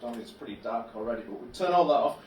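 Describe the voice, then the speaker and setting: A man doing a stand-up comedy set in a club, telling absurd stories deadpan. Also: medium pitch, fast talker, noisy background. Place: comedy club bar room. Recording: echoey club room from a distant mic.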